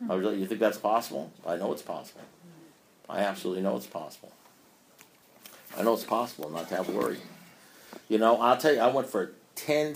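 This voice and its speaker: A man giving an impassioned talk to a meeting, with a voice at an everyday middle pitch. He reads passages aloud, fires rhetorical questions at his listeners, and chuckles between points. His loudness swings between pushed emphasis and quiet asides. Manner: chuckling as he talks. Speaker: speaker at a recovery meeting. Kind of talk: impassioned talk reading from a book.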